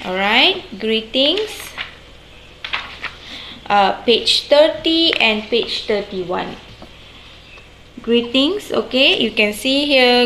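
A woman teacher, explaining a lesson to young children slowly and patiently and often checking with "okay?". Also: a little high, lively intonation, fairly bright tone, echoey room, slight background noise, rough recording. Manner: slow, patient, sing-song explaining with many "okay?" checks. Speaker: primary school teacher.

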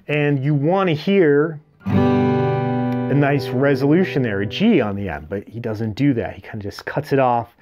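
A man giving a guitar lesson, explaining chords and strums plainly and counting beats aloud as he plays. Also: mid-range voice. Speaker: guitar teacher. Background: his own acoustic guitar playing.

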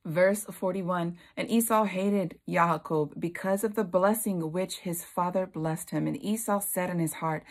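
A woman's voice: lowish voice, fairly even intonation, normal speed, few pauses, darkish tone. A woman leading a Bible study, retelling the story expressively and acting out its characters.

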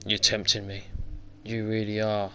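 A man hosting a gaming channel, commenting live on his own play, talking to himself with mounting frustration and sudden loud outbursts when he fails. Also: on the low side, monotone, moderate pace, a little hiss or hum.

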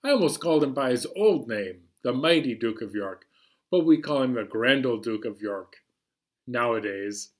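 A man's voice: mid-range voice, expressive. A man hosting a library storytime for young children, chatting and singing cheerfully while strumming a banjo. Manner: slow, cheerful, sing-song delivery to kids, playing banjo. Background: banjo accompaniment.

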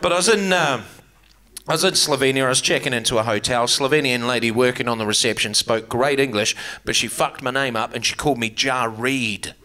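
A middle-aged man from New Zealand with a New Zealand accent, doing a brash, sweary stand-up set and loud crowd work on a comedy club stage. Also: medium pitch, quick pace.

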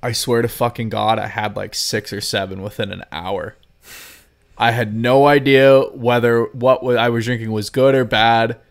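A young man on a casual podcast, spinning a rambling party story full of filler words and swearing. His voice sits at an ordinary middle pitch, and he breaks into laughter as the story goes on. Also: flat delivery, moderate pace. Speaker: podcast co-host. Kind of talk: casual chat.

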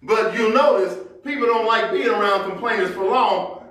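A man's voice: high voice, moderate pace, a bit bright. A male pastor preaching a sermon to his congregation, talking conversationally and acting out everyday scenes. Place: church sanctuary. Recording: very echoey church hall, distant mic.

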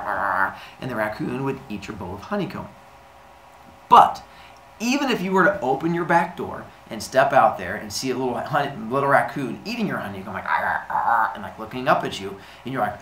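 A male teacher talks straight to his students in a loose, chatty way, peppering his sentences with "like." His pitch swings all over the place as he acts out little scenes. The room around him is echoey, with a faint hiss underneath. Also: a bit bright. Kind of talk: recorded remote lesson.

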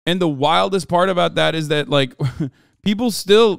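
Male streamer, fairly high and smooth, swears freely, rambles and restarts, animated. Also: moderate pace, no echo, studio quality. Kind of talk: casual livestream chat.

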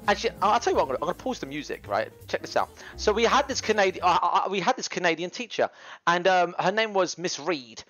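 A man's voice: high-pitched, big pitch swings, quick pace, sharp tone, soft background music, low-quality recording. A British man livestreaming, telling rambling slangy stories with plenty of swearing. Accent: British English. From United Kingdom. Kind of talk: casual livestream chat.

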